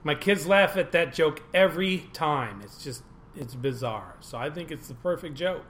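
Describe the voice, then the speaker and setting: An older man co-hosting a casual podcast, telling a joke in a halting, self-deprecating way with many restarts. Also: fairly high pitch, animated, fairly bright tone. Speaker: podcast co-host.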